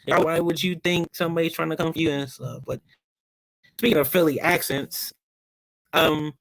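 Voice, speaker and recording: A man's voice: a little high, normal speed, vocal fry, no room sound. A man from Philadelphia with a Philly accent tinged with Southern, telling stories with lots of swearing on a casual podcast. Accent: Philadelphia with some Southern. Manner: animated storytelling, swears freely. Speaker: podcast host. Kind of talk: casual chat.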